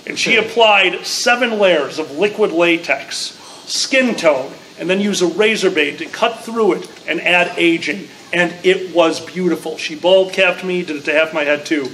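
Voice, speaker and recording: A man co-hosting a live podcast, telling a story with lively acted-out quotes. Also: sits high, moderate pace, a little hiss or hum, poor audio. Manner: animated storyteller, acts out quotes. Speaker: podcast co-host. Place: large convention room before a live audience.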